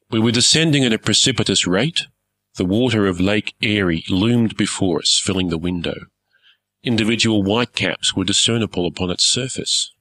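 A man reading a first-person story aloud in a measured, formal storytelling manner. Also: low voice, bright, forceful tone, no echo, poor audio. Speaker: story narrator.

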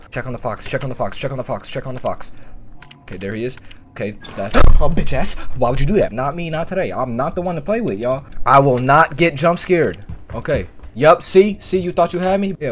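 A man's voice: medium pitch, expressive, fairly quick. Screaming, swearing young male streamer. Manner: joking, profane banter with viewers; breaks into loud panicked screams. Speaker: gaming streamer. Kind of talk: let's play commentary. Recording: noisy, keyboard clicks behind. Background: keyboard clicks and typing.

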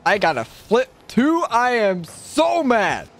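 Excitable young man streaming a game. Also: extremely high pitch, slow, soft background music. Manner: excitable, shouts and squeals at big plays; joking, trash-talking banter. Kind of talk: live gaming commentary.

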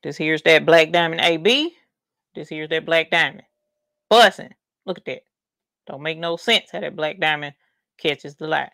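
A woman's voice: low-pitched, moderate pace, gravelly, sharp tone, no room sound, clean studio sound. A woman with a Southern US country accent, chatting folksily while hosting a craft livestream. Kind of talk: casual livestream chat.

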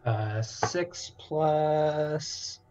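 A man playing a tabletop game, talking hesitantly and filling pauses with "like" and "um". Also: on the high side, a little mellow, dull audio. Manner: hesitant, full of "like" and "um". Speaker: player. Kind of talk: casual tabletop game play.

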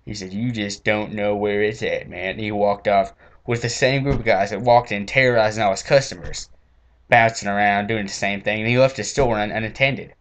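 Angry ranting man, sudden shouts. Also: fairly low pitch, a little fast, slight background noise. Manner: angry, profane, bursts into shouting. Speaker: comedic ranter. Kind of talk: comedic rant monologue.

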